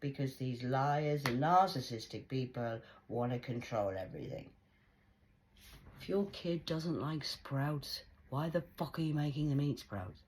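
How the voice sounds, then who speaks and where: A woman's voice: extremely low pitch, a little slow, a little mellow. A woman in her forties ranting bluntly in a heated casual monologue, swearing often. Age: 40s. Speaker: vlogger.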